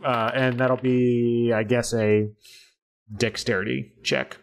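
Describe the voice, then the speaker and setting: A man running a tabletop role-playing game as game master, describing scenes in a relaxed, chatty way with plenty of pauses. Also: mid-range voice, vocal fry.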